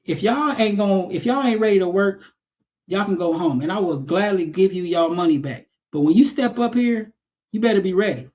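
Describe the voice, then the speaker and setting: A man's voice: high-pitched, lively intonation, fairly quick, darkish tone. A man voicing a strict, no-nonsense female acting coach who scolds her class bluntly. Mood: scolding.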